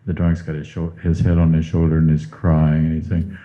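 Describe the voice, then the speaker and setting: Male host, very low voice, unhurried reader, phone-quality sound. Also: monotone, warm tone. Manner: unhurried, reads passages aloud slowly. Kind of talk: spiritual conversation. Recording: tinny phone-like line.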